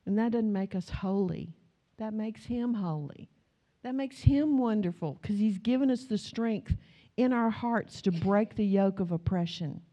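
A middle-aged woman pastor delivers a sermon built around storytelling, shifting from quiet asides to loud exclamations. She speaks a little slowly.

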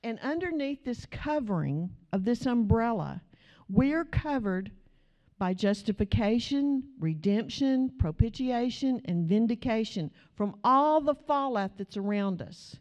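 A woman preaching a sermon to a congregation, telling a family story in a chatty, animated way and speaking straight to her listeners. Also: a little high, unhurried.

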